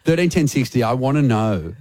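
A man's voice: mid-range voice, expressive, fairly quick, mellow, no room sound. A man hosting a radio show, chatting and joking playfully with his co-hosts. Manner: playful, teasing. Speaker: radio host. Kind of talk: casual banter. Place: radio studio.

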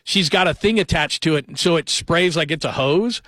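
A man's voice: on the high side, normal speed, pushed and bright, no echo. Chatty radio host man, dry studio. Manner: chatty, joking storyteller. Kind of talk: casual radio talk. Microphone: studio microphone.

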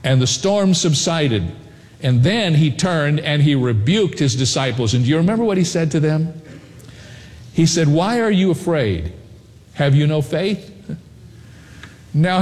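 A man preaching a sermon in earnest storytelling, slowing down to stress key lines. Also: a little high, lively intonation, darkish tone. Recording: long hall reverb.

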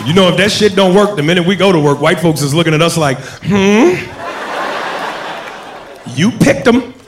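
A slightly high-voiced man delivers brash, punchy stand-up. The room echoes and a crowd is clearly heard around him. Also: racing, noisy background. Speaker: stand-up comedian. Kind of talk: stand-up routine. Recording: roomy live club recording.

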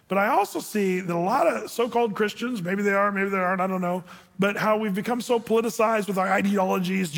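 A man preaching a sermon as a pastor, animated and acting out quoted voices. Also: high voice, slightly rough, in a large hall.

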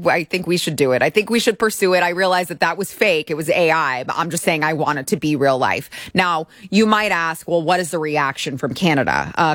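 A woman's voice: on the low side, fairly bright tone, no room sound, studio quality. Sarcastic woman hosting a commentary show. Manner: sarcastic, mocking. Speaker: show host. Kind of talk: opinionated political commentary. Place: broadcast studio.

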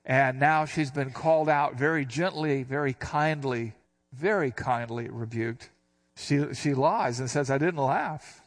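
Older male preacher, conversational teaching tone, measured scripture reading. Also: medium pitch. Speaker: pastor. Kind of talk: sermon.

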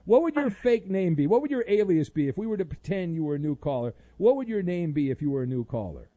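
Middle-aged radio host guy, lively and mellow, dry studio sound. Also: high-pitched, quick pace, no echo. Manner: wry, rambling, sarcastic asides. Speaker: radio talk show host. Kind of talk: sports talk radio.

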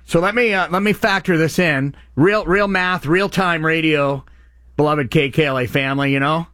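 A middle-aged man hosting a live radio charity appeal, eagerly thanking callers by name and stumbling over his words when excited. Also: on the high side, normal speed, no room sound, studio quality. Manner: excitable, names donors with loud bursts of enthusiasm; stutters and restarts when excited. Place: radio studio.

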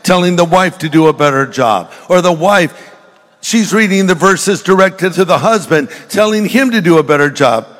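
Humorous storytelling marks this sermon by an older pastor, who throws jokey asides to the congregation. His voice sits high with a fairly bright tone, echoing with long reverb through a large church hall.

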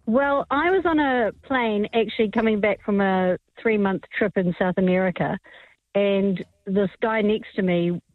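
A woman's voice: medium pitch, measured pace, dry recording. A woman with a New Zealand accent calling in to radio, telling an anecdote and acting out the quotes. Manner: storytelling, acts out quoted speech. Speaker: caller. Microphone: phone line. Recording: tinny phone line.

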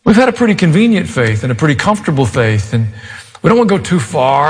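High, lively preaching pastor in a hall. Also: male voice, fast. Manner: preaching, with sudden rises and quiet asides. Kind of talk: sermon. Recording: long reverb of a large hall.

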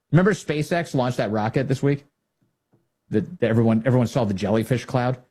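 A man's voice: brisk, husky. A man hosting a political commentary show, talking in a mocking, sarcastic way. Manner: mocking, animated, jumps into a high pitch for sarcasm.

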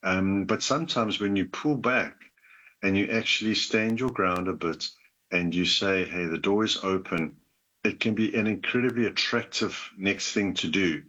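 A man giving gentle, counselling relationship advice to a caller on a talk show. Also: on the low side, normal speed, dull audio.

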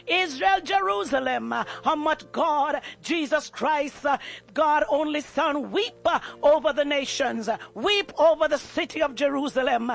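A man with a strikingly high, gravelly voice preaches and prays with fervent passion. His tone is bright and edgy, and he keeps stepping from phrase to phrase with a drawn-out "uh" as the sermon builds. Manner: passionate, fervent, with repeated "uh" fillers. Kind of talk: impassioned sermon and prayer.

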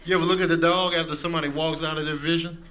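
High-voiced laid-back stand-up comic. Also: male voice, little pitch movement, rapid-fire, heavy background noise. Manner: laid-back, chuckling storytelling. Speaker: stand-up comedian. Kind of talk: stand-up comedy set.

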